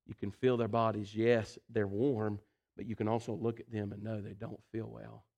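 In a muffled recording, a gravelly man with a lowish voice preaches at a normal pace. His folksy, animated delivery moves between loud emphasis and hushed intensity, peppered with "listen" and "you know."

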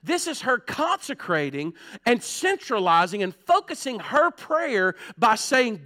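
A man pastor, preaching a sermon from a church pulpit. He tells stories earnestly and swings between loud and hushed. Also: very high voice, sing-song, measured pace.

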